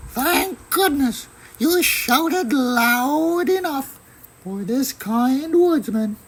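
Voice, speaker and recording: A man voicing a kindly, soothing old grandmother in a high old-lady voice for a storybook reading. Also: expressive, extremely slow, heavily acted.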